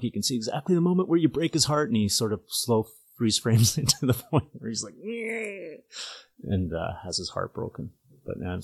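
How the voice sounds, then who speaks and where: Deep husky man, casual interviewee, anecdotal and light. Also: a bit bright, poor audio. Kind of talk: casual conversational answer.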